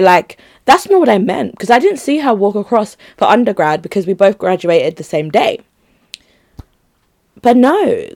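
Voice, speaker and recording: A woman's voice: mid-range voice, darkish tone, no echo, studio quality. A young woman chatting casually on her own to her listeners, rambling and giggly. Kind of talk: casual solo chat to listeners.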